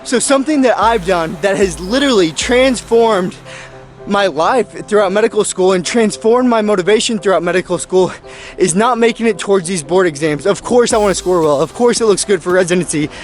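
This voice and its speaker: A man's voice: sits high, brisk, soft background music. A young man in his twenties, a medical student vlogger, talking earnestly and a little preachily about motivation while filming himself on a handheld camera. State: out of breath. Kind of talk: motivational vlog talk.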